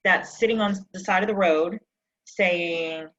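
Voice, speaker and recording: A woman's voice: on the low side, measured pace, fairly bright tone. Emphatic woman coaching, dull lo-fi audio. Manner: emphatic, full of rhetorical questions. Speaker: success coach. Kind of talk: motivational coaching session.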